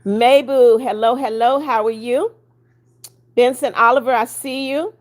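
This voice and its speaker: A woman in her seventies hosts a live stream, reading comments out and greeting each viewer by name. Her voice sits a little high for a woman, and she talks in a chatty, blunt way that turns scolding when someone annoys her. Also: unhurried. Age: 70s. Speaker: livestream host. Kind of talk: casual livestream chat reading comments.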